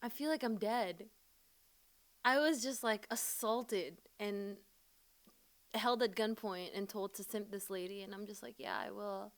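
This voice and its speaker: A young woman streaming live and reacting, excitable and gushing, swearing often. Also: medium pitch, a little slow. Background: faint music.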